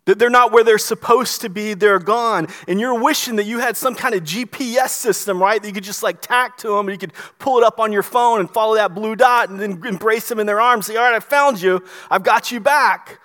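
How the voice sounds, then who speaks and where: A male pastor with a fairly high voice delivers a lively storytelling sermon. He trips and restarts on his words as he pushes forward. The delivery feels spontaneous rather than read. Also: fairly quick, few pauses, in a large hall. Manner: animated, stammering restarts, dramatic retelling.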